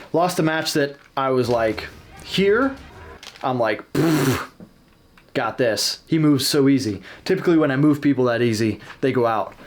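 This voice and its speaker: A man's voice: mid-range voice, a little hiss or hum. A man hosting a casual reaction video, talking candidly and self-deprecatingly about his own match footage.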